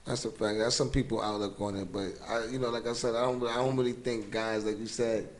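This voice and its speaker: A man's voice: lowish voice, steady tone, brisk. A man co-hosting a casual podcast, emphatic and slangy, often repeating himself. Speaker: co-host.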